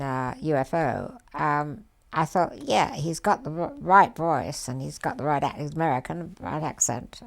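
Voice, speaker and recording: A woman's voice: low-pitched, gravelly. A woman producer recalling how she styled an actor, speaking in a thoughtful, hesitant way. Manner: thoughtful, hesitant, with fillers and restarts. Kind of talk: reflective interview.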